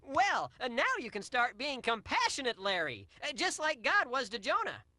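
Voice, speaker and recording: A sensible cartoon tomato host, earnest and a bit hesitant. His voice is high and bright. It moves lively up and down. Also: normal speed, no echo, heavily acted. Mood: patient.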